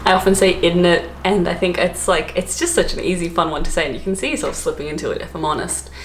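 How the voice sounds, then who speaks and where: Young Australian woman vlogger, low-ish voice, playful and chatty; roomy echo, faint hiss behind. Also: fairly even intonation, fast. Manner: chatty and playful, laughing between points. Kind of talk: casual explainer vlog. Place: home during lockdown. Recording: echoey room, faint background hiss.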